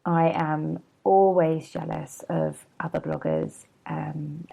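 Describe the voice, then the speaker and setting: A woman's voice: low-pitched, vocal fry, mellow, rough recording. A woman in her thirties hosting a casual solo podcast, chatty and candid, laughing often and wandering off topic while a bit hungover and yawning. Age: 30s. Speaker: podcast host and blogger.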